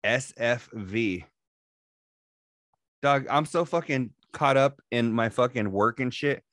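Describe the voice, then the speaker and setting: A man's voice: medium pitch, slow, a bit bright, no echo, clean studio sound. A young man co-hosting a podcast, chatting casually and cursing a lot in laid-back banter. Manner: profane, laid-back, calls his co-host "dog". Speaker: podcast co-host.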